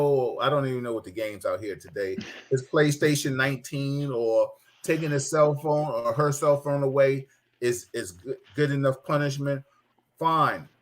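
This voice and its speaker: A man's voice: mid-range voice, normal speed. A middle-aged man hosting a casual talk show, telling stories animatedly, laughing and mimicking people. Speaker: host.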